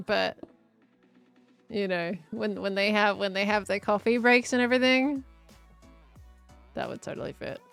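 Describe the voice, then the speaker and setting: A young woman streams and chats in a loose, rambling way, answering her chat and laughing easily. Her voice sits a little high. Quiet music plays faintly under her talk. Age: 20s. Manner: rambling, chatty, laughs often, reads chat aloud. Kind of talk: casual live-stream chat.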